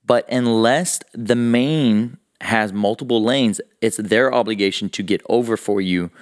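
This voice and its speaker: A man, a podcast co-host telling a profane, animated story in casual chat. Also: on the low side, a little slow, no room sound, studio quality.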